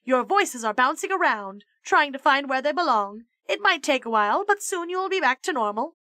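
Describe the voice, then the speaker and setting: A woman's voice: high voice, lively intonation, normal speed, sharp tone, dry recording, studio quality, pitched above the performer's own voice. A woman voicing a cheerful school cook who sings her words sweetly. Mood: reassuring. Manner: sing-song, sweetly insistent.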